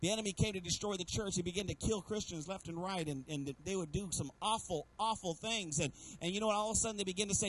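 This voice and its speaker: High-voiced man preaching a sermon. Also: quick pace, hardly any pauses, a little hiss or hum, rough recording. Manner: preaching with call-and-response asks to the congregation; acts out quoted voices within the sermon. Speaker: pastor. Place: church sanctuary.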